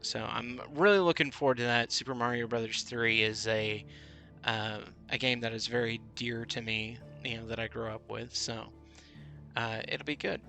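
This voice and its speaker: Bright-voiced man chatting while gaming. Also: medium pitch, fairly even intonation, normal speed, gravelly. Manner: chatty, many fillers and restarts. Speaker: streamer. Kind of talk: casual gameplay commentary. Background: faint game music.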